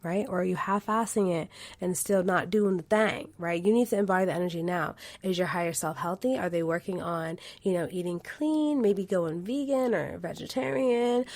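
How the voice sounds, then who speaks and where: A woman's voice: lowish voice, moderate pace, darkish tone, no echo. A young adult woman hosting a spiritual self-help podcast, coaching listeners in an affirming tone and often checking in with "okay" and "right". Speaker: podcast host.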